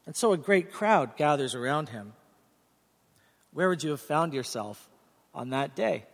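High-voiced pastor preaching in a hall. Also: male voice, moderate pace. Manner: animated storytelling, earnest and direct. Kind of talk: sermon. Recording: reverberant hall sound.

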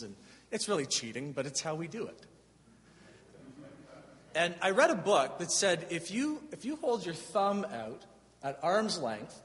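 A man's voice: a little high, fairly bright tone. A man preaching a sermon as pastor, emphatic and conversational, asking the congregation rhetorical questions. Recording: long hall reverb.

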